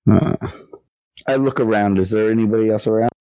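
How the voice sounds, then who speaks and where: A man's voice: lowish voice, steady tone, a little fast, warm tone, no room sound. A man playing in a tabletop game who thinks aloud and speaks hesitantly about his character's next move. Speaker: player.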